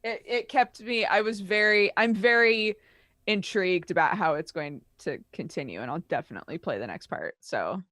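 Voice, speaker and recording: This is a woman co-hosting a casual gaming podcast, telling stories with bursts of laughter and plenty of swearing. Her voice sits at a middling pitch. The recording is close and dry, with no room sound. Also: normal speed, dry recording. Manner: animated, laughing storyteller who swears casually. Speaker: podcast co-host. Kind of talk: casual chat about games.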